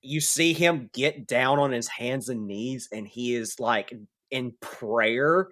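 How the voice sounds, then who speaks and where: A man's voice: medium pitch, takes it slowly, fairly bright tone. A man narrating as game master of a tabletop game, casual and hesitant with fillers.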